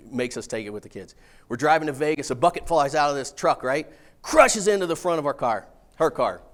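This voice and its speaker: Middle-aged guy, folksy and animated, spinning a story on stage with some cussing. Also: mid-range voice. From Missouri. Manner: folksy, animated, casual swearing. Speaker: speaker. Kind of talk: storytelling keynote talk.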